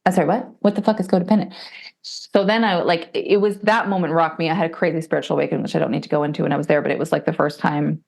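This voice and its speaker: A woman in her forties, a podcast guest, telling her story in blunt, profane and animated talk, and acting out other people's voices as she goes. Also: low voice, rapid-fire, vocal fry, hardly any pauses. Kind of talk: candid conversational storytelling.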